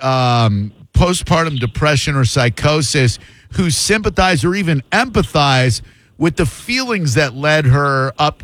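A man hosting a call-in talk radio show, joking and bantering quickly with callers. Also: on the high side, fairly bright tone. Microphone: studio microphone.

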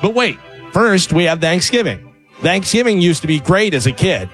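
Man, radio regular, sarcastic comic rant voice, slightly high pitch, faint music bed. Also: very animated, moderate pace, fairly bright tone. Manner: sarcastic, punchline-driven. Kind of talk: comedic rant.

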